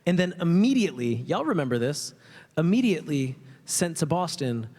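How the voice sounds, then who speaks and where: A man hosting a live interview, chatty, leading his guest with questions and quick short affirmations. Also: fairly high pitch, very animated, darkish tone. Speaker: interviewer, event host. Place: large indoor hall at a museum event. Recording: reverberant hall.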